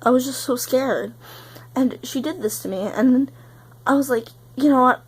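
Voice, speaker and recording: A woman's voice: sits high, normal speed, a little mellow, husky, low-quality recording. A young woman in her teens vlogging, upset and close to tears, rambling and saying "like" a lot. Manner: tearful, rambling, heavy use of "like". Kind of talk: emotional confessional vlog.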